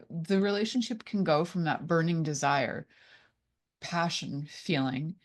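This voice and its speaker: Playful low-voiced woman radio host. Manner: chatty and playful, with frequent fillers. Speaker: radio show host and intimacy coach. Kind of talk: casual radio talk.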